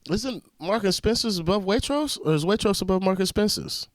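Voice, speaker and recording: A man's voice: high-pitched, expressive, brisk, dry recording, clean studio sound. A man hosting a reaction video, chatting and commenting on a clip.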